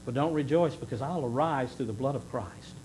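A middle-aged man preaching a sermon in earnest, rising to loud emphasis and then dropping to a hushed plea. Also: medium pitch, fairly quick, slight background noise, low-quality recording. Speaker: pastor.

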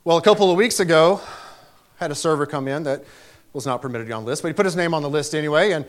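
High-voiced man preaching a sermon. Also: quick pace. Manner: emphatic storytelling, rising to raised exclamations.

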